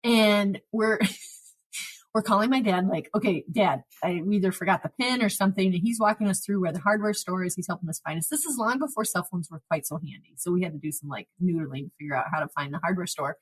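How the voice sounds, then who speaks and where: A woman from South Dakota hosting a podcast, telling a story in casual chat with an animated, laughing manner. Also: lowish voice, a little fast, slightly rough. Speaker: podcast host.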